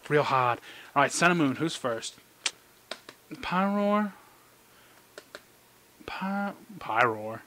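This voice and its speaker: A man hosting a casual card-pack opening commentary. He rambles excitedly, squeals with delight and mocks himself in quick asides. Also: fairly high pitch. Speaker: channel host. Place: indoor room under an overhead light.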